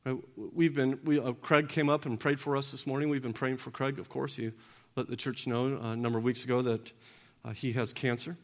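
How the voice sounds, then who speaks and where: A man's voice: medium pitch, little pitch movement, brisk. A man preaching a sermon conversationally, asking the congregation questions, acting out quoted voices, stumbling and repeating words as he goes. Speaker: pastor. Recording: long reverb of a large hall.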